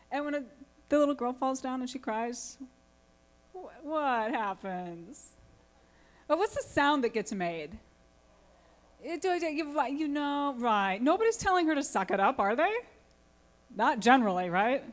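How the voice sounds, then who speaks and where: A woman speaks at a conference as a family therapist, animated and conversational. She keeps throwing questions at her listeners and answering them herself. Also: high-pitched. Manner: animated, asks the audience many questions. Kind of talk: lively conference talk to an audience. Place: conference hall.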